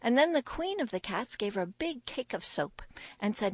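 A woman telling a folktale aloud as a storyteller, expressive, dropping to a whisper now and then. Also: on the high side, moderate pace, breathy edge, dry recording. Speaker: storyteller guest.

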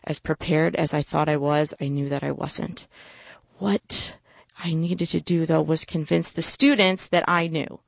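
A woman's voice: sits low, fairly even intonation, a little slow, creaky, no echo. A woman reading her own personal story aloud in a wry, self-mocking way.

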